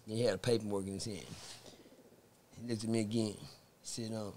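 A Texan man appears as a podcast guest, telling a story in casual, profane, animated talk and acting out the voices of the people in it. His voice is fairly low and a little fast, with a slight hiss or hum in the audio.

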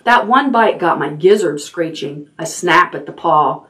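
A woman librarian reading a chapter book aloud at bedtime, unhurried and expressive. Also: on the low side, distant mic.

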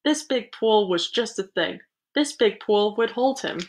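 Animated woman reading a storybook aloud. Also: medium pitch, measured pace. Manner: animated, playful asides. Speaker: children's librarian.

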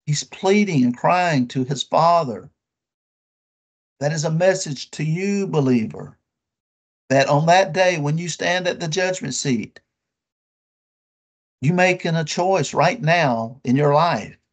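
A man preaching a sermon with emphatic, drawn-out phrases and rhetorical questions to his listeners. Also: on the high side, slightly rough.

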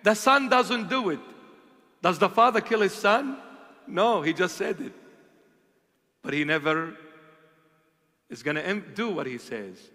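A man preaching a sermon as bishop, slowly posing rhetorical questions and answering them himself. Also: high voice, animated, sharp tone. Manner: asks and answers his own rhetorical questions; slow, deliberate emphasis. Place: church. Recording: echoey church hall.

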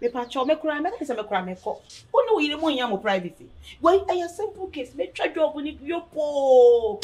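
A woman playing an indignant Ghanaian woman, emphatic and scolding, lively swooping pitch. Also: fairly quick. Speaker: actress in a web drama. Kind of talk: dramatic dialogue.

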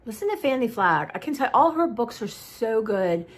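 A woman in her fifties chatting casually to her viewers, rambling and warm with drawn-out "y'all"s and sighs. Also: on the high side, big pitch swings, slightly rough. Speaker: vlogger. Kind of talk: casual haul chat.

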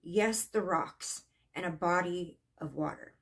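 A woman telling a personal story in a casual, earnest way, halting and shaken at times. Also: lowish voice. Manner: earnest, emotional, halting with restarts. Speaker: psychic vlogger.

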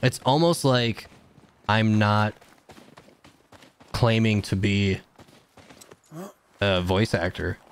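A man streaming a video game live, chatting casually with his viewers and shouting at the screen during fights. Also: on the low side, drawn-out words, long pauses, clear, resonant tone. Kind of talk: casual gameplay livestream chat.

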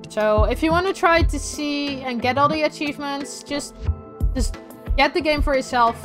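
Teary young woman streamer, high voice. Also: moderate pace, music in the background. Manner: tearful, soft and heartfelt, talking to the game and viewers. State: teary from crying. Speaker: gaming streamer. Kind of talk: emotional let's-play commentary.

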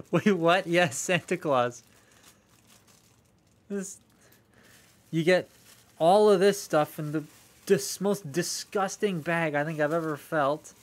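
Speaking slowly with long pauses, a young man with a fairly high-pitched voice unboxes collectible toys on a live stream. He chats and rambles casually, curses freely, and responds to comments from viewers.

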